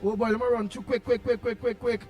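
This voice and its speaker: A man with a Trinidadian accent hosting a call-in talk show, reading out listener comments in an animated way and bursting into shouts. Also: very high-pitched, fast talker, soft background music. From Trinidad and Tobago. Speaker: radio talk show host.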